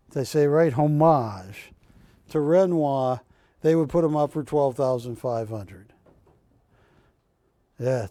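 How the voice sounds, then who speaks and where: Male shopping-channel host, unhurried and chatty, dark dry sound. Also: fairly high pitch, dry recording. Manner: rambling, jokey, self-correcting. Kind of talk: live sales pitch. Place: TV shopping studio.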